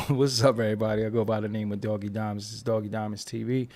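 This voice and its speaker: A man's voice: fairly low pitch, flat delivery, fast talker, hardly any pauses, a little mellow. A man hosting a casual live stream, loose and rambling, tired and yawning between repeated phrases. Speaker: YouTube commentary host.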